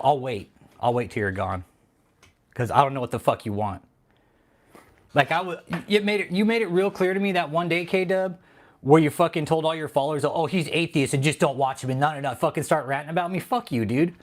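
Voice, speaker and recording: A man hosts his own livestream, his voice sitting at an ordinary middle pitch. He talks loosely and repeats himself, swinging into heated, profanity-laden ranting. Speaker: channel host. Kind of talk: angry livestream rant; casual livestream chat.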